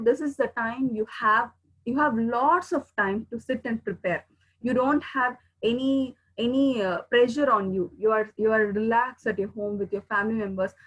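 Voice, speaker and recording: An Indian woman with an Indian English accent gives an online English pronunciation lesson in a slightly high, husky voice. She explains patiently and repeats each example word, spelling some out letter by letter. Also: poor audio. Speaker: English teacher.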